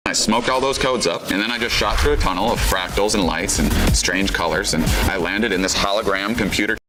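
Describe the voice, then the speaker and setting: A man's voice: on the low side, a little fast. A man telling a comic story about a trip, with big jumps in voice when he quotes himself. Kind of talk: comedic trip story, played clip. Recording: distant mic under loud music.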